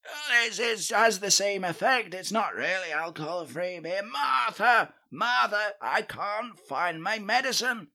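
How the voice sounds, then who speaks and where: A man's voice: sits high, expressive, unhurried, few pauses, pushed and bright, full character voice. A man playing a forgetful, needy old husband who keeps calling for his wife in a comedy podcast sketch. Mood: whiny.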